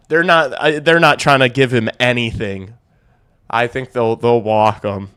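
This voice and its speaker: A man's voice: mid-range voice, animated, measured pace, fairly bright tone, clear, resonant tone. A young man hosting a hockey watch-along stream, calling the play casually, swearing freely and talking to his chat. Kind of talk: casual live play-by-play reaction.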